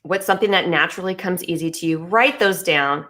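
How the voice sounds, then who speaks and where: A lowish, fairly bright female voice moves a little fast. She's a business coach in the middle of an emphatic motivational speech, looping back on phrases, restarting and filling gaps, and she briefly talks around some ice in her mouth.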